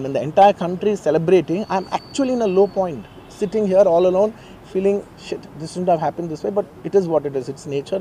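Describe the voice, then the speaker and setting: A middle-aged man with a Telugu accent gives a fast, insistent press statement in a dark, mellow, slightly high voice, repeating phrases to drive his point home. Faint outdoor ambience sits behind him. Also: slight background noise. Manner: earnest, insistent, repeats himself. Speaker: actor at a press conference. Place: press meet in a garden.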